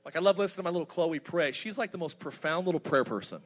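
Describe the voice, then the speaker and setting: A man in his thirties preaching a sermon as pastor, energetic and humorous, building to emphatic points. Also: fairly high pitch, fast talker, breathy edge. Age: 30s.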